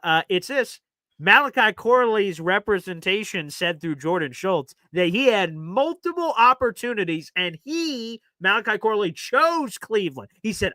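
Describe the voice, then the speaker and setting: A man with a Southern American accent hosts a casual sports talk show in a bright, forceful voice pitched a little high. His delivery is animated and teasing. The sound is dry and close. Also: normal speed, no echo. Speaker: podcast host.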